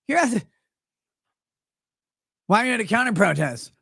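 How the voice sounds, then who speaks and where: A sarcastic man riffing on the news as a livestream host. He mocks the people he describes and slips into quick put-on voices for them. The sound is dry and close, with almost no room. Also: very high-pitched, wildly swooping pitch, bright, forceful tone, breathy edge, no echo. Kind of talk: casual commentary.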